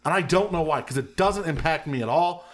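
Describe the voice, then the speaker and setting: A man's voice: fairly high pitch, fairly quick. A middle-aged man co-hosting a podcast, chatting casually and ranting with lots of swearing and exasperation. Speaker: podcast co-host. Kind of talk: casual chat.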